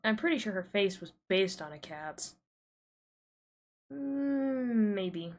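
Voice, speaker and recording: A woman's voice: on the low side, moderate pace, fairly bright tone. A woman with a thick American Southern accent, chatting casually with rambling asides while streaming a game.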